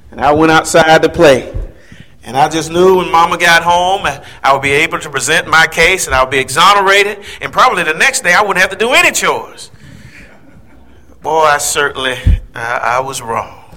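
A man in his fifties telling a personal childhood story, acting out the voices of the people in it. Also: fairly high pitch. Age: 50s. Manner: animated storyteller, acts out quoted voices.

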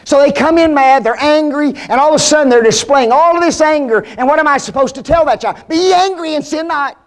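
A man's voice: very high voice, fast. A man preaching a sermon in a folksy, plain-spoken way, often putting rhetorical questions to the congregation.

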